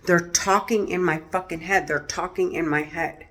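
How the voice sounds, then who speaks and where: A woman's voice: lowish voice, fairly even intonation, moderate pace, a bit bright, slight background noise. A middle-aged woman speaking straight to camera, distressed and close to tears, talking in an agitated, repetitive way with a lot of swearing. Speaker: vlogger. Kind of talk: agitated direct-to-camera monologue.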